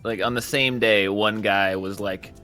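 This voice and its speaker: A man's voice: lowish voice, steady tone, a little slow, sharp tone, faint music behind. A man chatting casually on a gaming stream, cracking dry jokes. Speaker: stream co-host. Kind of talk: casual chat.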